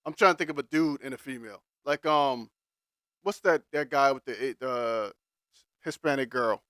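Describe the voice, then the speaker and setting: A man co-hosting a podcast, giving animated, slangy opinions in casual chat. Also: medium pitch, moderate pace, dry recording, studio quality. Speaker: podcast co-host.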